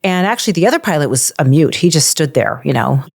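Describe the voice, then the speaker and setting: A woman guest telling her story in casual conversation, animated and full of restarts. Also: low-pitched, quick pace, gravelly, breathy edge, no room sound, studio quality.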